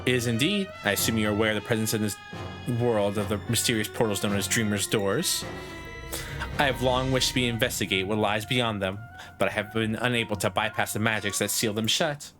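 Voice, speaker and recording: A man's voice: fairly low pitch, steady tone, brisk, music in the background, natural voice. A man voicing a fussy, pompous woman professor who lectures and hands out marks. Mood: haughty. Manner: haughty, lecturing, clipped.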